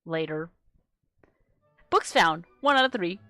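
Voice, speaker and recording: A woman streamer reads her own webcomic aloud at her home setup. Her chatter is giggly and meandering, with casual swearing sprinkled through it. Her voice sounds bright, with faint music underneath. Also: on the low side, unhurried, no echo. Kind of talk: casual live-stream commentary.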